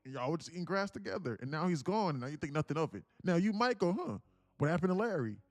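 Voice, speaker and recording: A man streaming live, casually teaching trading through an animated story, with many fillers and frequent laughter. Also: on the high side, fast, no echo.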